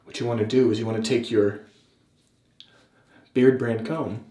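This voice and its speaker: A man putting on a calm, earnest beard-trim narrator, every step spelled out slow and careful, caught in a roomy, echoey space. A mock-serious tone at an ordinary male pitch. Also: lightly acted. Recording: roomy echo.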